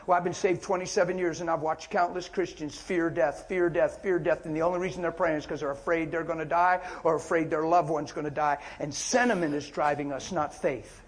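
A man preaching an impassioned sermon, firing rhetorical questions, repeating phrases, and swinging from shouting to near whispers. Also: a little high, fairly even intonation, brisk, few pauses.

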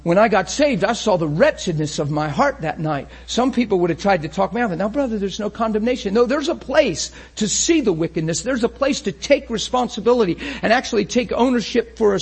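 A man preaching a sermon with great passion, often rising to a shout and acting out how his listeners would react. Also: sits high, lively intonation, fairly quick, creaky, few pauses, slightly rough.

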